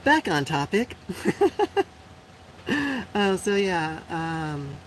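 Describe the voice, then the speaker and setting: A woman's voice: sits low, expressive, drawn-out words, a little hiss or hum, low-quality recording. A woman in her forties hosting a live stream and chatting casually with viewers. She answers comments bluntly, with lots of fillers and frequent laughs. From Puerto Rico. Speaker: live show host.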